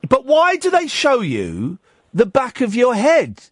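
Brief: male phone-in host, lively and high-pitched, dry studio sound. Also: takes it slowly, breathy edge, no echo. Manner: animated, chatty, laughs at his own stories. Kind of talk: casual radio chat. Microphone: studio microphone.

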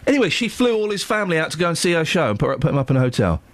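A man's voice: a little high, very animated, very fast. A man hosting a live radio show, chatting casually with a co-host, self-mocking and rambling with lots of ums. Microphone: studio microphone.

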